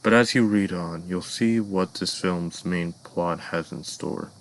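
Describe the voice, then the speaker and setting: A man narrating a dark fan-made cartoon story in a measured storytelling voice, sometimes addressing the listeners. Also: low voice, a little hiss or hum, rough recording.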